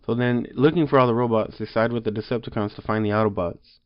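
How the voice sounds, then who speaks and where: A man's voice: medium pitch, fairly even intonation, fast. Rambling exasperated man, lo-fi. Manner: rambling, exasperated, lots of fillers. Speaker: movie reviewer. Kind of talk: casual rambling review. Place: home room. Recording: slightly dull lo-fi audio.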